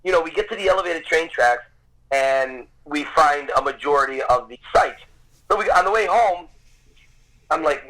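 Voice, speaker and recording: A man's voice: on the high side, lively intonation, normal speed, a bit bright, rough recording. A man in his fifties, a podcast guest telling a vivid personal story, swearing casually as he goes. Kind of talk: animated anecdote telling.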